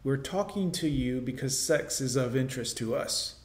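A man delivers reaction commentary in a blunt, opinionated way. His voice sits at an ordinary middle pitch, and he speaks in a lecturing, matter-of-fact manner. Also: normal speed.

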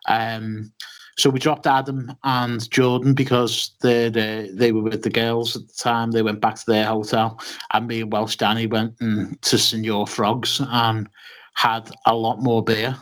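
A man's voice: mid-range voice, level tone, measured pace, fairly bright tone. A man co-hosting a casual podcast chat, telling a long story with many ums and restarts. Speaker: podcast co-host.

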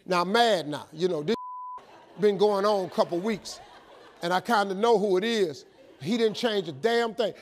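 A man telling a motivational life story, animated and emphatic, acting out both sides of phone calls. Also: sits high, unhurried.

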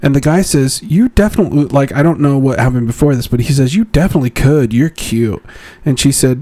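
A man co-hosting a casual podcast chat, laid-back and agreeable, reading out posts and giving relaxed advice. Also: medium pitch, fairly quick. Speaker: podcast co-host.

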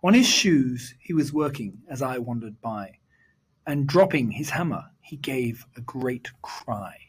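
A man reciting a rhyming children's poem in a measured, sing-song storytelling delivery. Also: mid-range voice, expressive, breathy edge.

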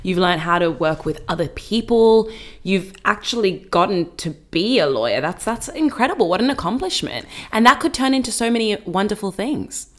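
A young woman, co-hosting a podcast in casual, animated chat and laughing often. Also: mid-range voice, moderate pace. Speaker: podcast co-host.

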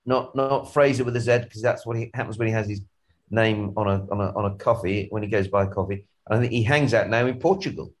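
A man co-hosting a casual podcast, with a lowish voice and a loose, rambling delivery. He jokes around and keeps stopping to restart his sentences. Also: fast talker. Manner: rambling and jokey, with many ums and restarts. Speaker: co-host.

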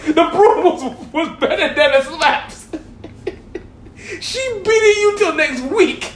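Man from Hawaii, very high voice, animated comic storytelling, laughing, roomy echo. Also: slow, a little hiss or hum. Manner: animated, laughing through his words.

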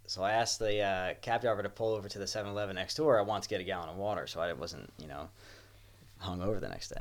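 A man's voice: lowish voice, fast. A man casually telling a rowdy story among friends, swearing freely and laughing as he goes. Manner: laid-back, profane, laughs through the telling.

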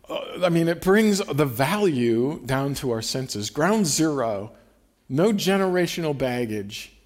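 Man preaching a conversational sermon. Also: mid-range voice. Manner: conversational, emphatic with restarts and scripture reading. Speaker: pastor.

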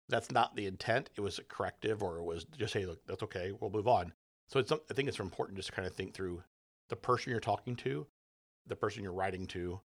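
A man co-hosting a casual business chat, relaxed, telling stories from work and home. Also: fairly low pitch.

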